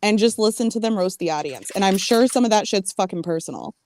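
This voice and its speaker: A woman's voice: mid-range voice, animated, a little mellow, a little hiss or hum. A woman talking frankly and swearing in a casual panel discussion. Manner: frank, swearing, quick to jump in.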